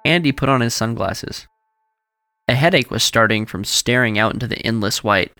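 A male audiobook narrator with a gravelly, creaky texture and a bright, forward tone. He tells the story at a measured pace in a close, dry recording. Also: mid-range voice, no room sound, faint music behind. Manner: measured storytelling, voices each character. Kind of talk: scripted narration.

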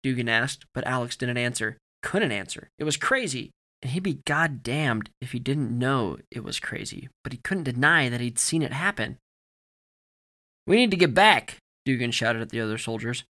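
A man narrates a grim story at a steady, deliberate pace. His voice sits in an ordinary middle register, and he keeps his reading even and controlled. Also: medium pitch.

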